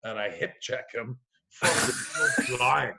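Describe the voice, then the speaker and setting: Guy from quebec, middle-aged, bright voice, cursing a lot and doing everyone's voices. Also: medium pitch, slow, gravelly, slightly rough. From Quebec, Canada. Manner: profane, animated, acts out other voices. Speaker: podcast guest comedian. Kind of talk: storytelling anecdote.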